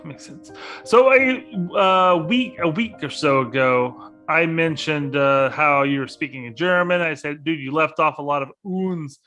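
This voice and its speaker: A man's voice: a little high, unhurried, sharp tone, soft background music. A man co-hosting a casual soccer podcast, rambling and thinking aloud as he talks through lineups. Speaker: podcast co-host.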